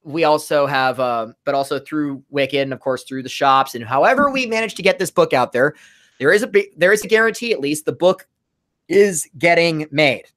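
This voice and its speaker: A man's voice: on the high side, moderate pace. A man, a comic book creator, chatting casually on a livestream and rambling animatedly about his book. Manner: rambling, animated, self-correcting.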